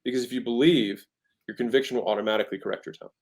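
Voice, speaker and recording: A man's voice: mid-range voice, fairly even intonation, racing. Guy in his 30s talking sales on a podcast, emphatic, plays with his tone a lot. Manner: emphatic, demonstrates tone shifts with his voice. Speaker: podcast guest, entrepreneur. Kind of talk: conversational teaching about sales.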